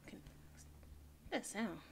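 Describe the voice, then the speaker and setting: A woman's voice: slow pace, a little hiss or hum. A woman hosting a gaming channel, nervously talking to herself as she plays through a horror game. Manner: nervous, talks to herself while playing. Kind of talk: let's play commentary.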